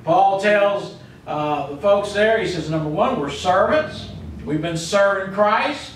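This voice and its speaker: A man preaches a folksy, conversational sermon and repeats "amen" between thoughts. His voice is bright and stammers now and then. He is heard from far off in a very echoey church with a faint hum behind him. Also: high-pitched, lively intonation, slow. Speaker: Baptist pastor.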